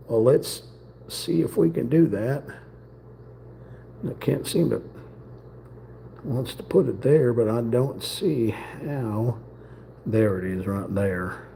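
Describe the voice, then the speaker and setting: Male streamer, unhurried and jokey, talks himself through each step. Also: mid-range voice, creaky, dark tone, slight background noise. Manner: jokey, muttering to himself while building. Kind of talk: casual live-stream commentary.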